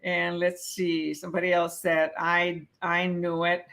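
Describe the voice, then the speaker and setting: A woman leads a live real estate exam prep session, reading each question aloud before walking through the answer. Her voice sits a little low for a woman, and she keeps checking in with "okay?" and "right?" as she explains. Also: flat delivery, a little slow, fairly bright tone.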